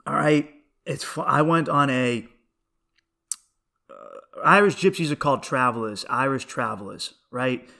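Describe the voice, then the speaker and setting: A man's voice: medium pitch, lively intonation, unhurried, vocal fry, long pauses, sharp tone. A young man hosting a podcast, telling rambling stories in a casual, profane comedic monologue and laughing often. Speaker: podcast host.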